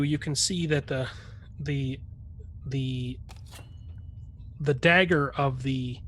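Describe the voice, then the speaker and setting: A man's voice: mid-range voice, a bit bright, slight background noise. A man running a tabletop game as game master, narrating with many fillers and restarts.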